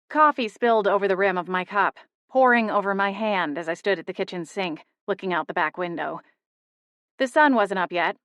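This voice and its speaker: A young woman narrating a first-person audiobook in a steady, intimate storytelling manner. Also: mid-range voice, no room sound, dull audio. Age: young adult.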